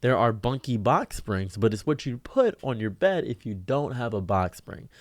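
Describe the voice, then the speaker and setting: Exasperated male vlogger ranting about his day, mid pitch, flat dry sound, voice leaps high when indignant. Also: normal speed, dry recording. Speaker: streamer and video diarist. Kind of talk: ranting diary vlog.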